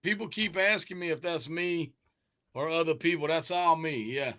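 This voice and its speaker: Rapper guest, male, high and bright, eager and rambling in casual chat. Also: moderate pace. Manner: eager, talkative, trails off mid-thought. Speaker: rapper being interviewed.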